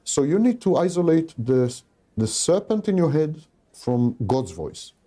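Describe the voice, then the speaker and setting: Man, lecturer, husky and lively in pitch, emphatic and repetitive. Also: unhurried. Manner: didactic, emphatic, repeats key phrases. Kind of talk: recorded talk.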